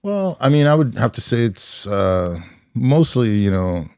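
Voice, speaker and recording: A middle-aged man from California, a former police officer telling his story as a podcast guest in a reflective, unhurried way, with many "you know" fillers. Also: medium pitch, very animated, dark tone, clear, resonant tone, no room sound, clean studio sound. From California, USA. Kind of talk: conversational storytelling.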